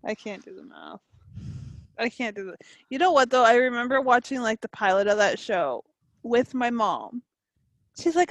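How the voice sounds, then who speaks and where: A woman hosting a casual chat, agreeable and quick to laugh along. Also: a little high, expressive, no room sound.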